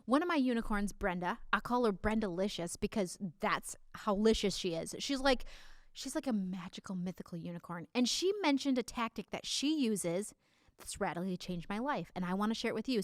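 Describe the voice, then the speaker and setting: A woman's voice: on the high side, brisk, no echo, clean studio sound. A woman giving casual business advice straight to her viewers, bubbly and playful. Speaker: business coach.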